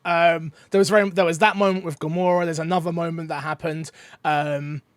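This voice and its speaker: Enthusiastic man with a high voice. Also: brisk, no echo. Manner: enthusiastic, animated storytelling. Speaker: gaming channel co-host. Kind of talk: casual game preview chat.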